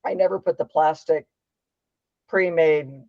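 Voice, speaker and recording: A woman's voice: low-pitched, unhurried, no room sound, dull audio. An older woman, a mother, chatting casually and reminiscing with her grown son, laughing often. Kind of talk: casual family chat.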